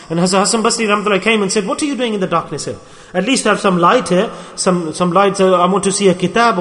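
A man's voice: high voice, fairly bright tone, in a large hall. A man preaching a sermon to his brothers, telling stories and acting out the quoted voices of the people in them. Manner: storytelling, acts out quoted speech.

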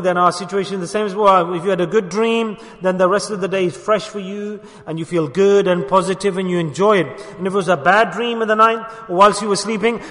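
High-voiced preacher in an echoing hall. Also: male voice, pushed and bright. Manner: earnest, rhetorical questions to the congregation. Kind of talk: religious sermon. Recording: long hall reverb.

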